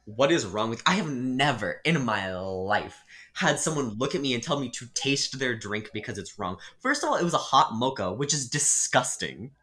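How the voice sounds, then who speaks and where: A man co-hosting a casual podcast chat, telling a customer service story with animated, exasperated emphasis. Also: mid-range voice, moderate pace. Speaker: podcast co-host.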